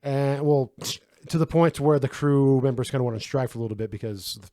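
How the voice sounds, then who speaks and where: A man's voice: mid-range voice, a little fast, dark tone. A man co-hosting a casual movie review chat, swearing freely and slipping into mock impressions. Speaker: podcast co-host.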